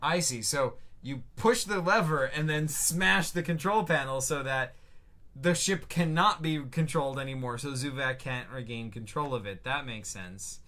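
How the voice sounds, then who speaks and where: With a medium-pitched, sharp voice at moderate speed, a man streams his own game and talks about it loosely. He reads from his notes, reads out and answers chat, and wanders along with plenty of filler words.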